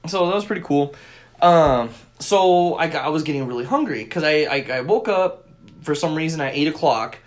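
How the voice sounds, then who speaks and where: A young man spins a long story in casual podcast chat, swearing freely and jumping into the voices of the people he quotes. His voice sits a touch higher than most men's. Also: moderate pace. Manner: profane, animated storyteller acting out quotes. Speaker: podcast co-host.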